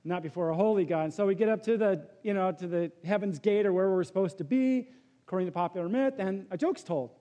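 A man preaching a sermon as pastor, telling a joke story and then dropping to a hushed, earnest tone. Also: sits high, quick pace, muffled recording. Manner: storytelling with jokes, swings from loud to hushed.

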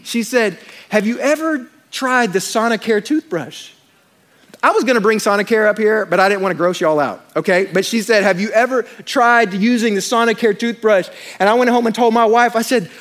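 A man's voice: high-pitched, normal speed. A man preaching a sermon to a congregation in church, mixing scripture with funny personal stories and asides. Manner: storytelling with humor, animated asides to congregation. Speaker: pastor.

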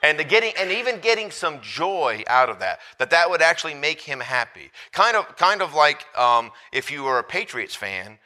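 Bright-voiced male preacher, conversational sermon. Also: on the high side, sing-song, moderate pace, hardly any pauses. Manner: conversational storytelling with frequent restarts.

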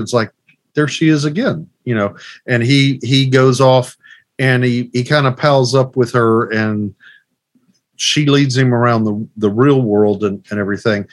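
A man's voice: mid-range voice, no room sound. Easygoing male co-host telling stories. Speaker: podcast co-host. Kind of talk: casual movie-discussion chat.

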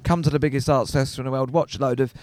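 A man's voice: medium pitch, flat delivery, racing, a little mellow. A man hosting a casual podcast, matey banter with a lot of swearing. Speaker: podcast host.

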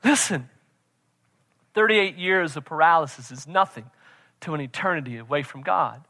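High bright pastor guy preaching hard, shouts then goes quiet, keeps saying right?. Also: expressive, brisk. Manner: emphatic, repeats "right?" to the congregation; swings from loud shouting to quiet intensity. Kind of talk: sermon.

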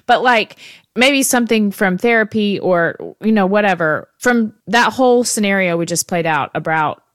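A woman's voice: mid-range voice, normal speed, dry recording, studio quality. A woman hosting a casual podcast, asking questions in a chatty, hesitant way full of fillers. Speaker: podcast host.

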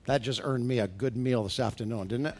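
A middle-aged man preaching a sermon as pastor in a church, asking the congregation questions and building to loud, urgent exhortations. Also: medium pitch, brisk. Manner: preaching with rising, shouted exhortations and rhetorical questions. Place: church sanctuary.

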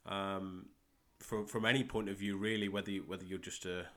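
A young man with a West Midlands English accent, hosting a solo soccer podcast and talking in a halting way with many fillers and repeated words. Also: low voice, level tone, a bit bright. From England. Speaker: podcast host and soccer coach.

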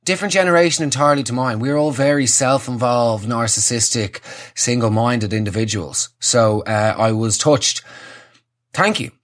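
A man's voice: medium pitch, normal speed, fairly bright tone. A young man, a comedian hosting his own show, talking to camera in a wry, self-mocking way with sweary asides. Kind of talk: casual comic monologue to camera.

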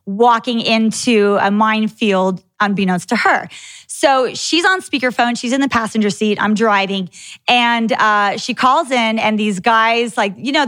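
Woman, podcast host, casual storytelling, animated, candid, slightly high voice, dry close sound. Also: no echo. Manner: animated, candid, swears freely.

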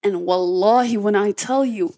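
A mother co-hosting a casual podcast chat, animated as she tells stories and asks questions. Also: medium pitch, normal speed. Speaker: podcast co-host.

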